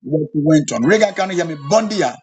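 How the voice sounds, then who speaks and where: A man's voice: on the high side, lively intonation, brisk. A man hosting a live evening show, repeating his phrases and calling out to a guest on the line. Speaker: show host. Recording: faint music behind.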